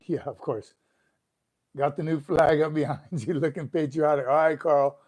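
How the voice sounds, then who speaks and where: Older male host, casual live-stream chat, friendly and upbeat, slightly higher voice. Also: measured pace, darkish tone. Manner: upbeat, chatty, greets viewers by name. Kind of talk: casual livestream chat reading comments. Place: room at home.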